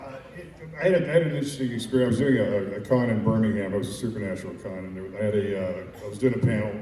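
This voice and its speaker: A man telling a wry anecdote on a convention panel, with halting restarts. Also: fairly low pitch, warm tone. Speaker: actor on a panel. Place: large convention hall stage. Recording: echoey hall from far off.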